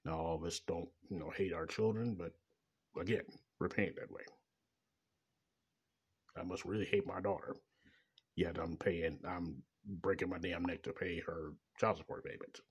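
Middle-aged man, deep low voice, husky grain, bitter rambling monologue, heavy swearing. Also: steady tone, normal speed, long pauses, lo-fi sound. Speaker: father venting about child support. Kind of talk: personal monologue.

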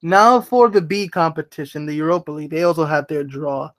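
Brisk man hosting a sports podcast. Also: on the high side, fairly bright tone. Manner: brisk, lists teams rapidly with dry teasing. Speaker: podcast host. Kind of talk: casual sports chat.

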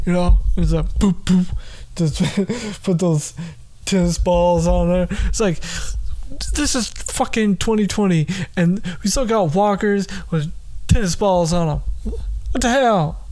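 Slow rambling sweary podcast guy. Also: high-pitched, a little mellow. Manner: rambling, self-mocking, sweary. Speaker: podcast host. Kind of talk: rambling solo podcast monologue. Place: his bedroom at night.

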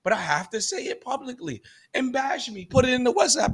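Young ny guy on his podcast, high voice, cussing and firing off questions, fed up. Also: wildly swooping pitch, breathy edge. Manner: profane, exasperated, rapid-fire rhetorical questions. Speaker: podcast host. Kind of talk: solo comedic rant.

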